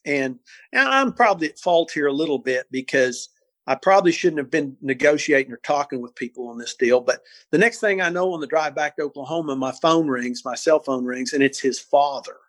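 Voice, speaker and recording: A man in his sixties, an interview guest recounting cases in an animated way, often repeating words as he goes. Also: a little high, brisk, no echo. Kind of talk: storytelling interview.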